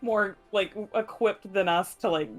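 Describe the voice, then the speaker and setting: A woman chatting casually as a player before a tabletop game, bubbly and teasing, quick to laugh. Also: mid-range voice, faint music behind, rough recording.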